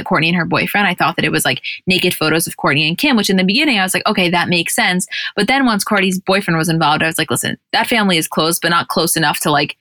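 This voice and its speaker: A woman co-hosting a podcast, racing through a reality-show recap and playing out each quote as she goes. Her voice sits fairly low, and the sound is close and dry. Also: no room sound. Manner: animated, acts out quotes from the show. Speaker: podcast co-host. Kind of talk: casual recap chat.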